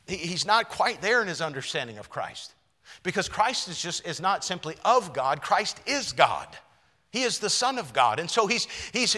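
Bright-voiced preacher in a reverberant hall. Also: male voice, high voice. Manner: earnest, repeats words while searching for them. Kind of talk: sermon. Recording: long reverb of a large hall.

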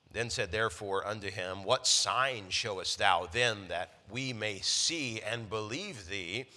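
Hoarse preacher reading scripture in a hall. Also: male voice, medium pitch, sharp tone. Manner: reads scripture with rising emphasis. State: hoarse, frog in his throat. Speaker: pastor.

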